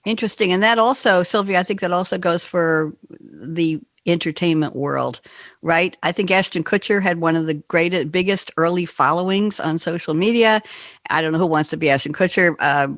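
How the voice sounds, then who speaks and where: A chatty woman hosts a panel talk show, moving her guests along in a lively way. Her voice is recorded dry and close. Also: on the low side, no room sound. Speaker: host.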